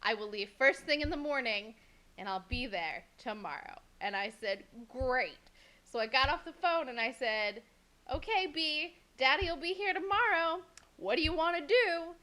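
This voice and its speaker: A young woman co-hosting a podcast, telling a story in a casual, animated way, swearing freely and acting out what people said. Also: high voice. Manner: animated, swears a lot, acts out quotes. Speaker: podcast co-host.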